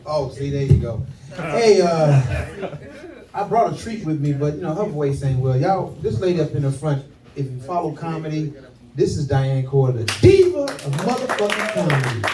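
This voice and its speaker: A man hosting a comedy show, telling loud, profane stories between acts on a club stage. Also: fairly high pitch, normal speed. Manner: loud, profane, animated storytelling. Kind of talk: stand-up emcee banter. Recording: roomy club audio from a distance with crowd.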